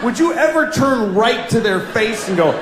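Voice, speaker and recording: Middle-aged male stand-up comic, self-deprecating and rambling, high lively voice in a roomy venue. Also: normal speed. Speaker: stand-up comedian. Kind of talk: stand-up comedy set. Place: live stage before an audience. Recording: roomy live venue with crowd noise.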